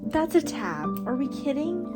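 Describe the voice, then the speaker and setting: A woman's voice: high voice, measured pace, loud music behind the voice. Gushing young woman book vlogger. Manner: gushing and excitable, gasps and laughs. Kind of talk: casual reading vlog. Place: home at night.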